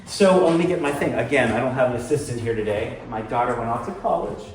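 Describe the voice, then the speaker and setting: A man's voice: mid-range voice, expressive, fast talker, far from the mic. A middle-aged man hosting a live storytelling show, rambling with many fillers and self-deprecating humor. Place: live venue with audience. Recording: echoey room heard from afar, faint noise.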